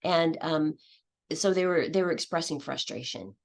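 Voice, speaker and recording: A middle-aged woman teacher gives a conference talk, her low voice carrying a gravelly edge of vocal fry. She talks hesitantly, filling pauses with ums and starting phrases over. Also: expressive. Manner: hesitant, many fillers and restarts. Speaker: English language teacher. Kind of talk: conference presentation.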